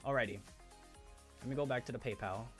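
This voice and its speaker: A young man hosting a live stream, chatting casually and excitedly with viewers in slang as he opens trading cards. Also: medium pitch, brisk, faint music behind.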